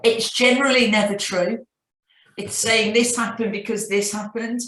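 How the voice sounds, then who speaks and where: A woman's voice: fairly high pitch, fairly even intonation, moderate pace, fairly bright tone, echoey room, poor audio. A middle-aged woman with a Northern English accent, a chief executive telling anecdotes in a business interview with many restarts. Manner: reflective, anecdotal, frequent restarts. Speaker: CEO guest.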